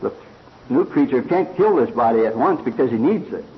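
Man giving a sermon, slow and lively in pitch, dull old-sounding recording. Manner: slow, earnest preaching, telling a fable with quoted voices. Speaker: preacher.

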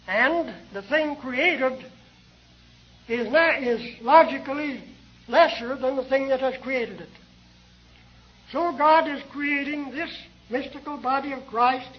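A man preaching a sermon in a deliberate, measured way, pausing often between phrases. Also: very high voice, lo-fi sound. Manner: slow, deliberate, with many pauses.

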